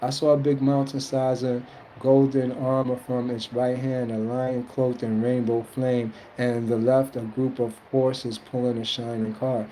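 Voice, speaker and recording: A warm-voiced man, flat and a little slow, answers his stream's chat about spiritual journeys on a rough recording with faint hiss or hum. Casual and earnest, he rambles along and mimics others in high, mocking voices.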